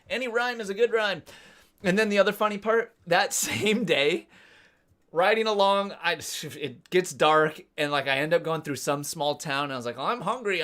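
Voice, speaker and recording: A man's voice: sits high, fairly bright tone. A man in his forties hosting a casual live stream, telling rambling, profane travel stories between chat messages. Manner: rambling, profane storytelling while reading chat. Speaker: cycling channel host.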